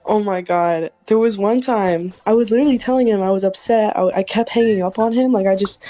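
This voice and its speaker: A woman guest on a video call, telling her side casually, halting and full of "like" fillers. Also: mid-range voice, dark tone. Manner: halting, many "like" fillers and restarts. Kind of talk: casual recounting on a group stream.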